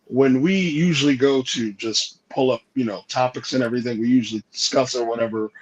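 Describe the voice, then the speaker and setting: A man co-hosting a wrestling podcast, talking in a measured, halting way with many fillers. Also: mid-range voice, a little hiss or hum, poor audio. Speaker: podcast co-host. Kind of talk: casual wrestling chat.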